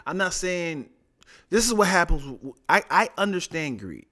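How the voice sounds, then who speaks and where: A young man in casual podcast chat, animated and acting out little voices as he talks. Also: high-pitched, moderate pace. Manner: animated, acts out voices in his stories.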